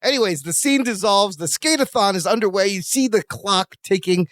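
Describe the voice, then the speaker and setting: A man's voice: sits high, moderate pace, dry recording, studio quality. A man co-hosting a podcast, recapping a sitcom episode in casual chat and acting out the characters' lines. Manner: lively storyteller, acts out character lines. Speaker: podcast co-host.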